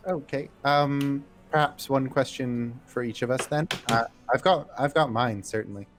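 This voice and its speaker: A man playing a tabletop game, polite and quick to laugh, often hesitating mid-sentence. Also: medium pitch, music in the background. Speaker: player.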